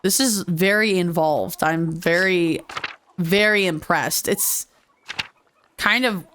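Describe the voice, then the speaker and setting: A woman's voice: on the low side, slow pace, a bit bright, slight background noise. Giggly woman reading game dialogue aloud. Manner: playful, giggly, trips over hard words. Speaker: let's play streamer.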